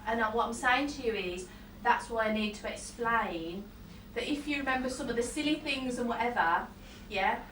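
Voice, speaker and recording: A woman's voice: on the high side, normal speed, few pauses, a bit bright. A woman working as a psychic medium, giving a chatty reading to a live audience. She laughs often and breaks off with apologetic asides. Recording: roomy hall, distant mic, faint noise.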